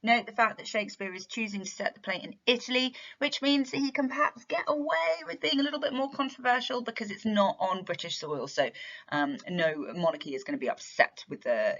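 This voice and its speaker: A woman's voice: medium pitch, lively intonation, fairly quick, fairly bright tone, highs cut off. A woman teaching English literature in a revision tutorial, explaining step by step and asking rhetorical questions.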